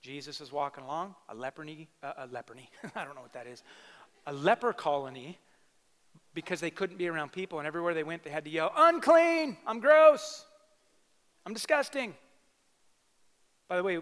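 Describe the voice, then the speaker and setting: A man preaching a sermon, his fairly high voice ringing out in a big hall with a long echo. He swings from loud, emphatic bursts to quiet, intimate asides. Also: quick pace. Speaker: pastor.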